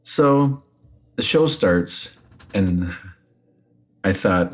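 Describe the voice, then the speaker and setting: A man co-hosting a podcast, telling a backstage anecdote in a casual, animated way and laughing often. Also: sits low, moderate pace. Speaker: podcast co-host, retired wrestler. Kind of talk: casual storytelling.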